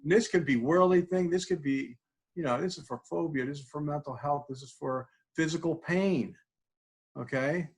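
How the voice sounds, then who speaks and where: A man's voice: a little high, moderate pace, breathy edge. A man teaching a class, walking students through a tapping exercise and repeating phrases as he demonstrates. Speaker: instructor.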